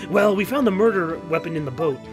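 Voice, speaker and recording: A man's voice: high voice, lively intonation, quick pace, over music. A man playing a clumsy, eager male police detective in a hesitant, bumbling manner. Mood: earnest.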